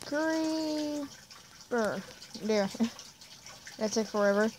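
A woman's voice: mid-range voice, normal speed, a little mellow, a little hiss or hum, low-quality recording. A young woman giving chatty, self-mocking commentary while playing a video game. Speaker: gamer. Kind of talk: casual let's-play commentary.

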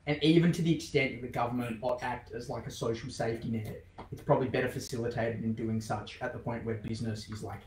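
A man's voice: medium pitch, steady tone, quick pace, a little mellow, far from the mic. A young man co-hosting a live podcast, rambling and hedging with fillers as he explains his views. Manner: rambling, hedging with "like" and "you know". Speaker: podcast co-host. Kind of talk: casual live podcast chat. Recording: roomy studio with crowd noise.

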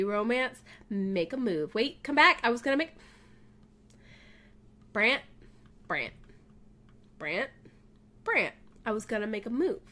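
Slow-talking gushing woman gamer. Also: fairly high pitch. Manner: gushing, excitable, drawn-out. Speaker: gaming YouTuber. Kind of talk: casual let's play commentary. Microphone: desk mic, facecam.

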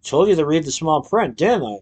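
A man voicing a sharp-tongued, cynical orphan girl who makes dry, world-weary quips. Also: fairly high pitch, expressive, a little fast, husky. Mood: wry.

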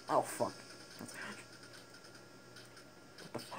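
A teenage boy giving excitable gaming commentary, swearing and laughing often. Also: mid-range voice, moderate pace, pauses often, husky, rough recording. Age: teens. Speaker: gaming YouTuber. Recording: game music playing behind the voice.

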